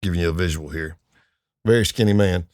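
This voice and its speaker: A man's voice: low voice, a little fast, dry recording, studio quality. A man in his fifties, a retired undercover agent, telling stories in a laid-back, wry way as a podcast guest. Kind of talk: anecdotal storytelling in a podcast interview.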